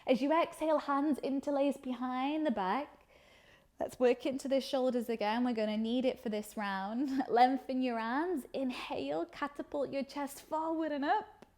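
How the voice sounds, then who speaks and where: A young woman teaching a yoga class, giving calm step-by-step cues timed to the breath. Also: high voice. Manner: calm instructional cueing, slow breath-paced phrasing. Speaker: yoga instructor.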